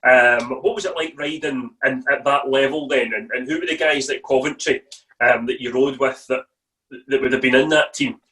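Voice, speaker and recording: A man hosts a live chat and asks his guest long, meandering questions in an easy conversational tone. His voice is middle-pitched. He sounds set back from the microphone. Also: moderate pace, bright, forceful tone. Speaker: host. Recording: voice heard from a distance off mic.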